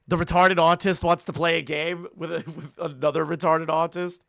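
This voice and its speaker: A man's voice: fairly high pitch, little pitch movement, moderate pace, vocal fry, a bit bright, no room sound, studio quality. Mocking, profane male streamer. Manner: profane, mocking, laughs often. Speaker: streamer reacting to a call. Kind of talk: crude casual reaction commentary.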